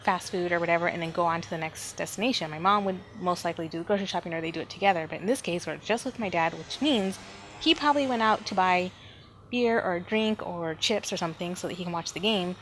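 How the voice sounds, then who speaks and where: A woman hosting a podcast, telling a personal story in an animated, emphatic way, with frequent sighs and fillers. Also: lowish voice, fast talker, slight background noise. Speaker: podcast host.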